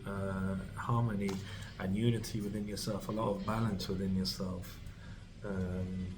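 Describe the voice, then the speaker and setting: Tarot reader, male, low monotone voice, rambling delivery full of "like" and "you know", reassuring. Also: noisy background. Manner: rambling, full of fillers and restarts; reassuring, speaks directly to the listener. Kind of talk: tarot reading to camera.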